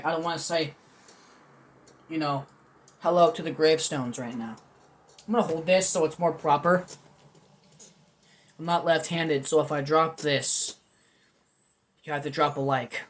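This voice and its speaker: A young adult vlog host rambling through a casual food video with jokey, self-mocking commentary. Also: mid-range voice.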